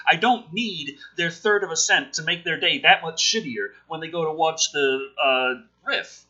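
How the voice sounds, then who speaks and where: High, bright-voiced man ranting emphatically. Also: lively intonation, moderate pace, hardly any pauses, breathy edge. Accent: slight Southern US. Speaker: podcast host. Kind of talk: casual livestream chat. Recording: dull lo-fi mic.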